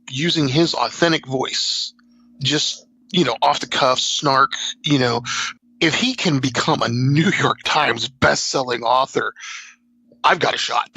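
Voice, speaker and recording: Middle-aged man from South Texas, podcast guest, husky and gravelly, rambling and self-deprecating, dry close sound. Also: medium pitch, bright, forceful tone, no echo, low-quality recording. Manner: rambling, self-deprecating, laughs often, many fillers. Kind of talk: casual conversational storytelling.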